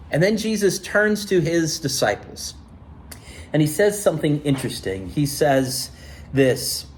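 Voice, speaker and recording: A male pastor preaching a sermon with animated, conversational storytelling. His voice sits a touch higher than most men's. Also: unhurried.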